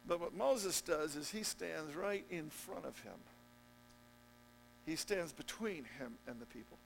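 A man preaching a sermon as pastor, joking with the congregation and swinging between loud emphatic peaks and low, quiet stretches. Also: animated, a little slow, creaky, slight background noise, rough recording. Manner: jokey, conversational asides to the congregation.

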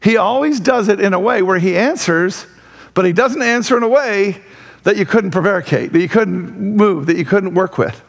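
A male pastor preaching a sermon in a conversational, animated way who laughs often. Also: sits high, moderate pace, gravelly.

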